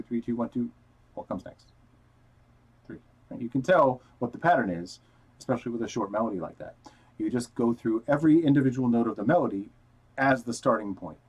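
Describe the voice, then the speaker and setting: A man's voice: medium pitch, a little mellow, breathy edge, lo-fi sound. A man teaching guitar technique in a casual live-streamed lesson, explaining step by step and counting notes aloud while he plays. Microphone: headphones on, wired mic. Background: guitar playing.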